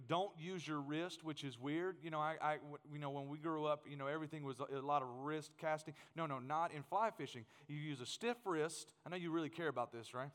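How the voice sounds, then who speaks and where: Guy preaching with jokes and stories, kinda high voice, big echoey church hall. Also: smooth. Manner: animated, humorous, acts out scenes. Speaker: pastor. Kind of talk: sermon with storytelling. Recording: long hall reverb.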